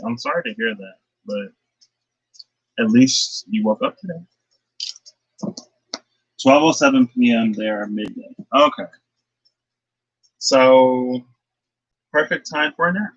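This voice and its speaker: Young male tarot streamer, rambling casual chatter, bright forceful tone, close dry sound. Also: mid-range voice, very animated, slow, long pauses, slightly rough, no echo, dull audio. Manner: rambling, chatty, laughs often, lots of fillers. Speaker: tarot card reader. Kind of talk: casual livestream chat. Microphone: laptop webcam.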